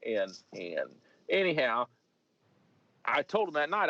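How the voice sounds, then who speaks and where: A former police officer tells a story in a casual, comedic, rambling way, swearing and restarting his sentences often. His mid-range voice swings widely in pitch, moves slowly, and carries vocal fry. The podcast audio is dry and slightly muffled, with no echo.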